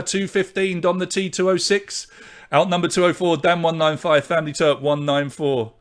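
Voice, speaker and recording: Brisk man hosting an online pub quiz. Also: fairly high pitch. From Britain. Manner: brisk, reading scores and chatting with viewers in the feed. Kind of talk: live-streamed quiz hosting.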